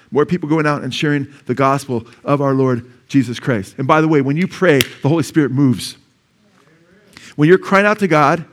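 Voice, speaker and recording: A man preaching a sermon as pastor, talking conversationally with frequent asides and bursts of loud praise. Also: mid-range voice. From California. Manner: exclaims praise loudly.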